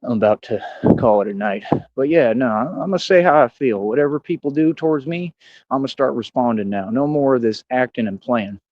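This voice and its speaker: Man, mid-pitch, swaggering street-slang rant, dry lo-fi stream audio. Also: expressive, fairly quick, no echo. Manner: boastful, confrontational street slang; coos softly at a cat. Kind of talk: rambling livestream monologue.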